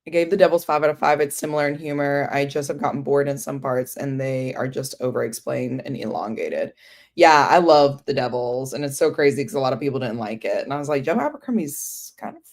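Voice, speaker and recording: Low-voiced chatty woman streamer. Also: brisk. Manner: chatty, rambling, answers viewer comments; many fillers like "um" and "like". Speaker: book streamer. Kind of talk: casual livestream chat.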